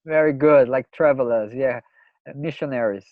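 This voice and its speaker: A man with a Brazilian accent hosting a video call interview, translating his guest between English and Portuguese in a lively, laughing way. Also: mid-range voice, normal speed, narrow, tinny audio. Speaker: host and interpreter.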